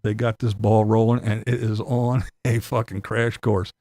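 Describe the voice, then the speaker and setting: A man's voice: on the low side, little pitch movement, normal speed, mellow, dry recording. Ranting male vlog commentator, sarcastic and profane, breaks into laughter, dry close sound.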